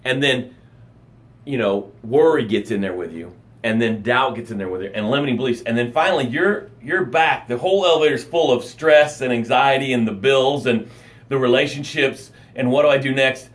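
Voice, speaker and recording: A man's voice: medium pitch, moderate pace. A middle-aged man, a life coach, giving a dramatic motivational live broadcast to his camera. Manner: dramatic, animated delivery with acted-out sounds and gasps. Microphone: camera for a live stream.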